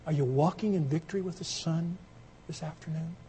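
A man preaching a sermon, telling an illustration story and building it into loud, emphatic appeals. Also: on the high side, a little fast, slight background noise.

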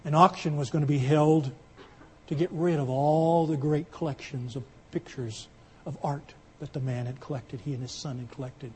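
Fervent male preacher, fairly high voice. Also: steady tone, moderate pace, slightly rough. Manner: builds from quiet storytelling to loud emphatic preaching. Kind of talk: sermon with an illustration story.

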